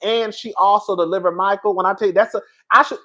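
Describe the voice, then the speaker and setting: A reality TV show reviewer gives a sassy, animated live-stream review in a high-pitched, fast voice. He reads the chat as he goes, calls viewers "girl", laughs often and swears freely.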